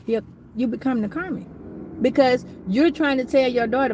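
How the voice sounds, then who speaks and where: A woman's voice: a little high, brisk, a little mellow, a little hiss or hum. A middle-aged woman giving a casual astrology reading, talking bluntly, preachily and with plenty of swearing. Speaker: tarot reader.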